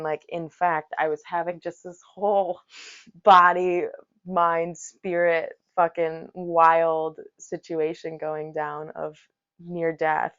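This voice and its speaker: A woman's voice: on the low side, clear, resonant tone. A woman hosting a podcast, telling a rambling, profane story in casual talk. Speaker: podcast host, yoga teacher. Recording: dull lo-fi recording.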